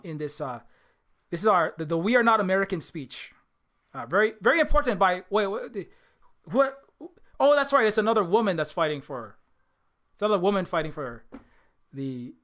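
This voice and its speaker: High, bright, rambling male commentator. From Hawaii. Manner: rambling, many restarts and fillers. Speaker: channel host. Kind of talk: casual political commentary.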